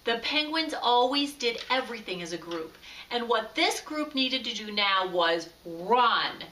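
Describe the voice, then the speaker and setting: A woman reading a children's story aloud in a slow, expressive way, recorded from a distance in an echoey room. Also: a little high, a little hiss or hum. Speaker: storybook reader. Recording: echoey room, far from mic.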